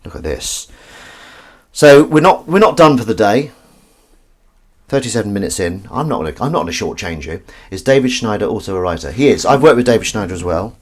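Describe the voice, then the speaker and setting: A man's voice: lowish voice, very animated, brisk. A man and actor chatting casually on a live stream while washing up, reading chat aloud and swearing now and then. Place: kitchen sink. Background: running tap water and dish clatter.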